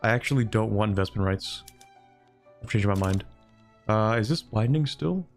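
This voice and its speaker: A man streaming a strategy game live, talking to chat and bargaining aloud with computer opponents in an animated, joking way. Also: lowish voice, normal speed, pauses often. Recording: faint music behind.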